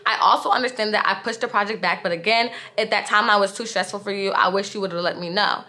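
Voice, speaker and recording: Bright-voiced exasperated young woman. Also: medium pitch, fairly even intonation, fast talker. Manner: candid, exasperated retelling with frequent "like". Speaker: vlogger. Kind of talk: storytime vlog.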